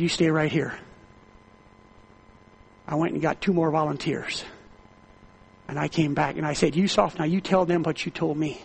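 A man's voice: on the high side, steady tone, moderate pace, vocal fry, long pauses, a little hiss or hum. A middle-aged man, a prison minister, telling a testimony sermon with fervent, emotional storytelling and repeated phrases.

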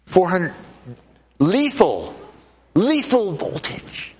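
Animated male lecturer, high lively voice. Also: drawn-out words. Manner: animated, urging, repetitive, acts out voices. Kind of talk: classroom lecture with live demonstration. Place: lecture hall with audience.

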